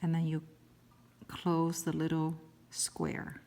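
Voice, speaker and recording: A woman teaches handwriting, talking slowly and carefully as she writes each stroke. Her voice sits a little low and stays calm and even. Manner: calm, slow, careful explanation while writing. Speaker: Chinese writing teacher. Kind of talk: step-by-step handwriting lesson.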